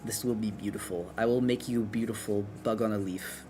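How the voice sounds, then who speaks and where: A man streams himself drawing and chats casually, rambling and correcting himself as he goes. He is a streamer and artist with a fairly low, fairly even voice and a brisk pace, and there is background noise.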